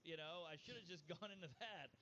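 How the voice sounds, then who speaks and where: A man with a somewhat high voice tells stories in relaxed podcast chat, animated and profane, slipping into quoted voices. The sound is dull and lo-fi, with a faint hiss under it. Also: a little fast. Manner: animated, acts out quoted voices, swears freely. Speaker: comedian telling a bombing story. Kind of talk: casual podcast storytelling.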